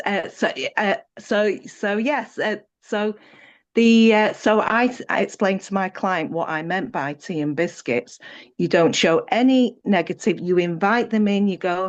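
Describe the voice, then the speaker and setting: A woman telling a story as a guest over a video call, hesitant with many pauses and restarts. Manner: breaks into bright high voice when quoting. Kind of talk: casual storytelling chat. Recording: muffled video call audio.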